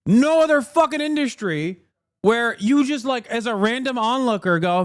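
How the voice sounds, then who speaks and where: A male streamer rants in heated, profane, sarcastic commentary. His voice sits fairly high for a man. The sound is dry and close. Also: animated, normal speed, clean tone, dry recording. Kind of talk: live-stream rant commentary.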